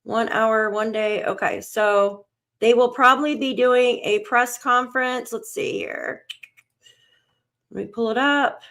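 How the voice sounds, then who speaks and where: A woman's voice: a little high, fairly even intonation, unhurried, a bit bright. A woman hosting a live stream on a missing child case, anxious and shaky, talking to herself as she searches for news. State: shaken, on edge. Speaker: livestream host covering a missing child case.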